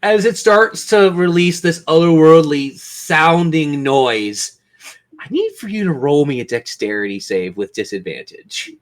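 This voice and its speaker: A game master running a tabletop session in a mid-pitched voice. The delivery is playful and full of laughter, and it slows down and stretches out the dramatic narration. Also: lively intonation.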